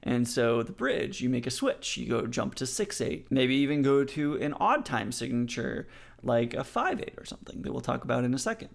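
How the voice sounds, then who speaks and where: Male music teacher, animated delivery with a gravelly edge, counts beats out loud. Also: mid-range voice, normal speed. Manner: explains in a friendly way, counts beats aloud. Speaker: songwriting teacher. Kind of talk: music theory lesson.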